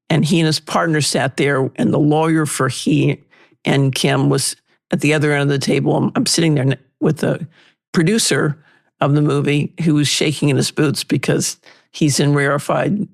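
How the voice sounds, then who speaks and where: Gravelly older woman telling stories. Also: deep voice. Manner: lively anecdotes, acting out exchanges. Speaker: litigation lawyer, guest. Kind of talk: storytelling in an interview.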